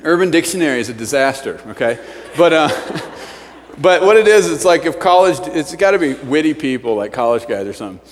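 Male youth pastor, sermon, hushed whispers to shouts, long echo of a church hall, faint hum. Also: a little high, expressive, a little fast. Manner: swings from hushed near-whispers to loud shouting. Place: church sanctuary.

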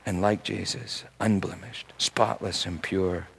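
A male pastor preaching a sermon and telling a personal story, dropping to a hush and then rising to loud, emphatic delivery. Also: low voice, fairly even intonation, unhurried, gravelly, slightly rough, rough recording. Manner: swings from hushed to loud emphatic.

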